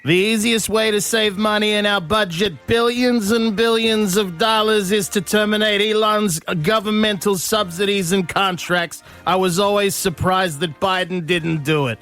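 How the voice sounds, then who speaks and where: A man putting on a mock impression of a boastful male president, speaking higher and drawn out. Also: fairly even intonation, moderate pace, hardly any pauses, fairly bright tone, soft background music.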